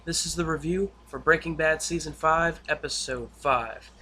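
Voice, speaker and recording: Bright-voiced young man recapping casually. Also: on the high side, moderate pace, a little hiss or hum. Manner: rambling retelling with many fillers. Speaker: YouTube reviewer. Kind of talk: casual spoken episode recap.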